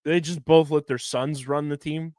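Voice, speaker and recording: A man's voice: on the high side, fairly even intonation, normal speed, a little mellow, dry recording. A man hosting a casual chat, teasing and hyping up his friends.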